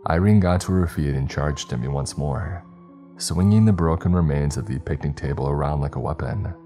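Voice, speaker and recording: A man narrating a horror story in a grim, even, scripted manner. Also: rumbling low, normal speed. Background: faint background music.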